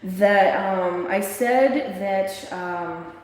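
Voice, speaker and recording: A woman's voice: medium pitch, very slow, a little mellow. Woman, livestream host, rambling blunt chat, frequent laughter, very echoey room with long reverb.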